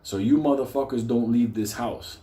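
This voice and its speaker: A man's voice: medium pitch, normal speed, dark tone, close to an everyday voice. A man playing a tough older man who gives blunt, profane orders, in an echoey room. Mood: commanding.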